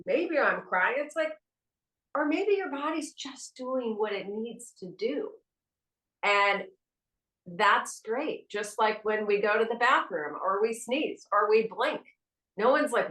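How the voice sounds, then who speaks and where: Frank, bright-voiced woman in echoey room. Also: a little high, animated, measured pace. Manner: candid, frank, swears casually. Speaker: podcast co-host. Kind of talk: casual spiritual podcast chat.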